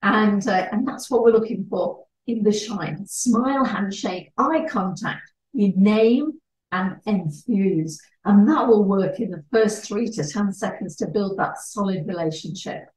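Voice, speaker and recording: Animated woman in an echoey room. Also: medium pitch, measured pace. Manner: animated, acts out little dialogues. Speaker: networking trainer. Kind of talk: presentation talk. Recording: echoey room, distant mic.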